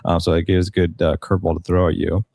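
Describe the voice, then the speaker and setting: Fast-talking low-voiced man, dry sound. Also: level tone, vocal fry, warm tone, no echo. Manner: rapid, filler-heavy, conversational. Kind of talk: casual panel discussion.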